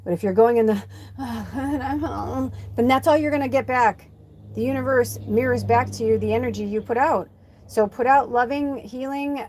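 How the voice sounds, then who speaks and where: Woman, spiritual medium, chatty live-stream reader with a gentle coaching tone. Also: on the high side. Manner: chatty, animated, sprinkles in "like" and "you know"; soothing, encouraging affirmations.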